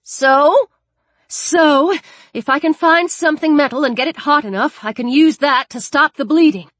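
A woman's voice: sits high, moderate pace, a bit bright, dry recording, voice pushed up. A woman doing a tense, commanding young heroine. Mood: urgent. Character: young woman in danger, tough and resourceful.

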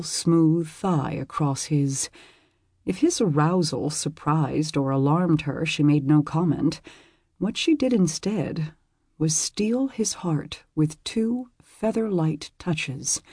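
Husky male audiobook narrator, dry sound. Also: on the high side, mellow, no room sound. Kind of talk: scripted narration of a historical romance.

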